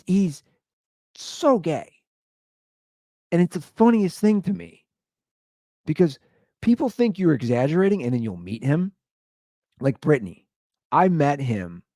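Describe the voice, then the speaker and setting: A man hosting a podcast, telling comic neighborhood stories in an animated way, laughing and acting out the people he quotes. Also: a little high, no room sound, clean studio sound. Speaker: podcast host. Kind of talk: comedic storytelling rant.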